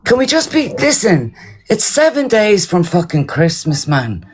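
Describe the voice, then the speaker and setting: A woman earnestly pleading for everyone to calm down during a live-stream argument. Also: mid-range voice, unhurried.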